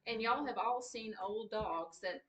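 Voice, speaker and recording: Lady teacher lecturing a class, kinda far off the mic, echoey classroom. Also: on the high side. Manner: lively, brisk, reads lines aloud and beats rhythm with syllables. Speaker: high school writing teacher.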